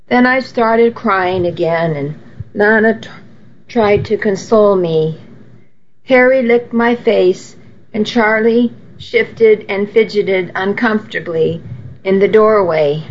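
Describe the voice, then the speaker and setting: A woman reading a first-person story aloud in a steady, unhurried way, on a dull lo-fi recording. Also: mid-range voice, a little hiss or hum. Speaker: audiobook reader.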